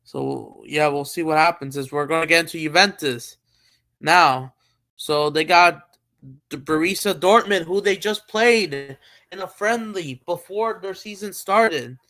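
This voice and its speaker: A man's voice: on the high side, a little slow, pushed and bright. A man hosting a live stream, chatting casually about football and thinking aloud with many fillers and restarts. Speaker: streamer host.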